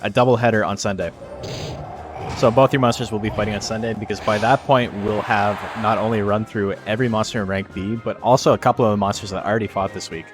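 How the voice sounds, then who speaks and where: Low-voiced man rambling over game commentary. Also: steady tone, fast talker. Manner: rambling, joking, swears freely. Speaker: streamer and tournament host. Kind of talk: casual live-stream game commentary. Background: faint background music.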